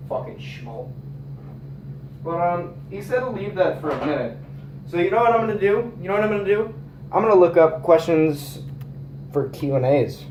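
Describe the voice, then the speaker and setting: A man's voice: high-pitched, animated, a little fast, darkish tone. A teenage boy talking casually in a rambling, profane, jokey way, recording his own vlog. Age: teens. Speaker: vlogger. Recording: echoey room with faint noise.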